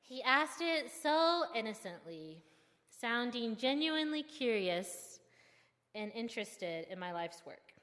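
Slow, candid young woman storyteller. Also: fairly high pitch, big-room sound. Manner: candid, self-deprecating, expressive. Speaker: seminary student. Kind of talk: personal storytelling.

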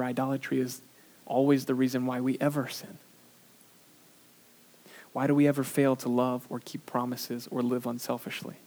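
Man, pastor, preaching. Earnest delivery, mid-range pitch, loud emphatic peaks and hushed low drops, some "uh" fillers. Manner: swings between emphatic rises and quiet low drops. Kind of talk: sermon.

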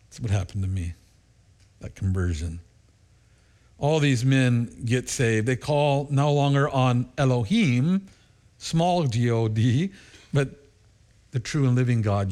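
A middle-aged pastor preaches a sermon, telling stories with lively energy. He jumps into high voices for quotes and laughs often.

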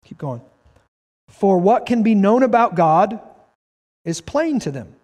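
A male pastor preaching a sermon, reading scripture aloud and pressing his points emphatically, sometimes rising to a shout. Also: high voice, sing-song, takes it slowly. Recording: long hall reverb.

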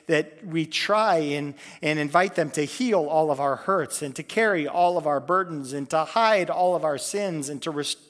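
A man pastor giving a conversational sermon, earnest, often restarting and repeating words mid-phrase. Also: a little high. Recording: long reverb of a hall.

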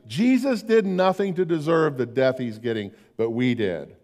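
An older man preaching a sermon as pastor, swinging between emphatic declarations and hushed, slow tender passages. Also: on the high side.

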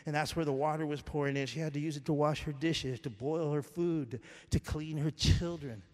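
A man preaching a sermon, moving between quiet storytelling and loud, shouted exhortation, with long reverb from a church hall. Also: on the high side, steady tone, moderate pace.

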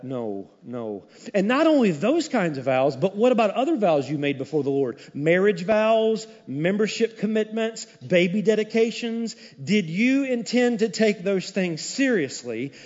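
A male pastor preaching a sermon in an animated, conversational way, with frequent asides to the congregation. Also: sits high. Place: church sanctuary. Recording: dull, echoey hall recording.

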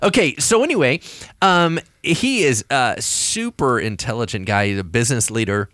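A man who is a pastor and podcast co-host, telling stories in a casual, animated way, acting out quoted voices. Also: mid-range voice, moderate pace, no room sound. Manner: animated storyteller, acts out quoted voices, frequent restarts.

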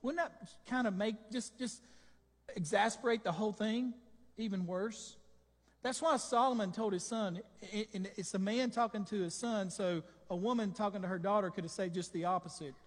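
A man preaching a sermon in a church, animated, joking and asking the congregation questions. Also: high-pitched, moderate pace, big-room sound. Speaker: pastor.

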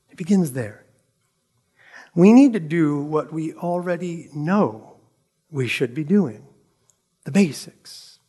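A man's voice: on the high side, darkish tone, husky. A man preaching a sermon, reading scripture dramatically and asking rhetorical questions with emphasis.

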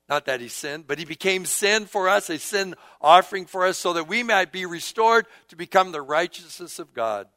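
A male pastor preaching, his voice sitting a little higher than most men's. He reads scripture aloud, drops to a hush, then rises into emphatic phrases. The sound is dry and close, with no room echo. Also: moderate pace, few pauses. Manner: call-and-response with the congregation. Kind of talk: sermon.

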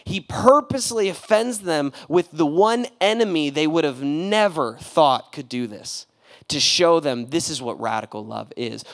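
A pastor delivers a sermon with a notably high voice, bouncing between hushed asides and loud, excited bursts. His delivery is conversational and full of slang, like telling a story to friends from the pulpit. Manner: animated, casual storytelling with slang.

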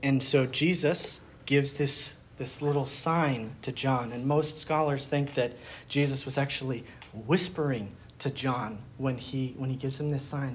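A man's voice: medium pitch, steady tone, a little slow, a little hiss or hum. A man leading a Bible study group, teaching in a casual, conversational way, asking the group questions and retelling scenes.

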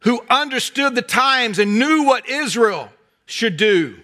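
A middle-aged man from North Carolina, Southern accent and very high pitch, preaches slowly. His sermon blends folksy humor and animated storytelling with quieter passages of soft intensity.

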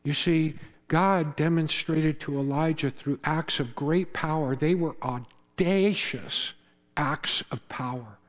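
A man preaching a sermon as pastor, earnest, rising to loud emphasis and dropping to hushed tones. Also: on the high side, slow pace, in a large hall. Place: church sanctuary.

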